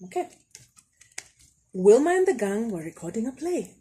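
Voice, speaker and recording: A woman reads a children's picture book aloud like a teacher, stopping to ask her young listeners about the pictures. Her voice sits a little high, swings widely in pitch and has a soft, slightly husky tone. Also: moderate pace, poor audio. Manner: lively, asks the listener questions about the pictures.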